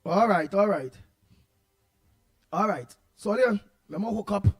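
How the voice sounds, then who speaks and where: A man with a Trinidadian accent hosting a call-in talk show, reading out listener comments in an animated way and bursting into shouts. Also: high voice, a little slow, no room sound. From Trinidad and Tobago. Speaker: radio talk show host.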